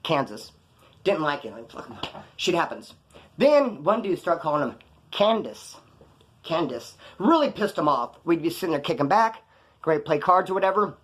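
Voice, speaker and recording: A man's voice: on the high side, sing-song, moderate pace. A man in a casual vlog, telling stories from prison in a rambling, profane, slangy way. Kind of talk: casual storytelling to camera.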